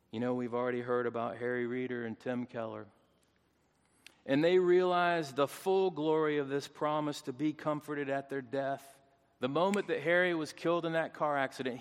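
A man preaching a sermon as pastor, swinging between hushed, tender lines and loud, fervent calls. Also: medium pitch. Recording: long hall reverb.

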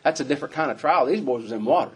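A man's voice: medium pitch, expressive, racing, husky. A male pastor, preaching a folksy, emphatic sermon full of rhetorical questions.

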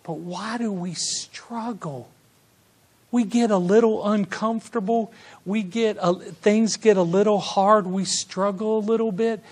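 Slow, high-voiced pastor preaching. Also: male voice, fairly even intonation. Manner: swings from soft, slow asides to loud, high exclamations of praise. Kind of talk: sermon.

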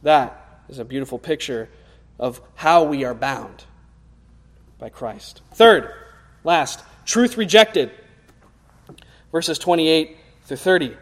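A young man preaching a sermon earnestly, climbing to loud emphatic peaks and sinking low again. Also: takes it slowly, pauses often. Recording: long hall reverb.

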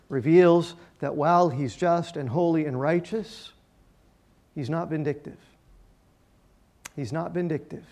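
A man preaching a sermon, emphatic, with his voice swelling loud and then dropping quiet. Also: a little high, vocal fry. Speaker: pastor.

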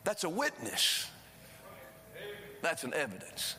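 A man preaching a sermon, swinging between emphatic rises and quiet drops as he speaks. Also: fairly high pitch, huge pitch swings, takes it slowly, heavy background noise. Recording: preaching in a reverberant church hall.

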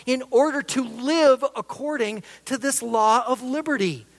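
A preacher giving an expository sermon, emphatic, swinging between loud stresses and soft asides. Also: mid-range voice. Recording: long reverb of a large hall.

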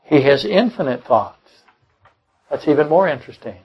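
A man's voice: medium pitch, lively intonation, normal speed, darkish tone, breathy edge, poor audio. An older man preaching a sermon, blunt and combative, often repeating and restarting his phrases. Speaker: pastor. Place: church service.

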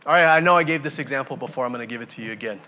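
A man preaching a sermon to a congregation, animated, throwing rhetorical questions and acting out everyday scenes. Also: medium pitch, rapid-fire, a little hiss or hum. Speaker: pastor.

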